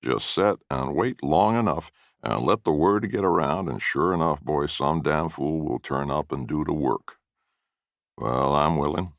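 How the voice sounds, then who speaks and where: A deep-voiced man putting on a nasty, stingy old grandfather from a read-aloud story. He whines and wheedles, pleading weakness while plotting to get out of work. The read is dry and close-miked. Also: a little slow, vocal fry, dry recording, heavily acted. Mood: sly. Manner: whining, self-pitying. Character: whining stingy old grandfather, lazy and sly.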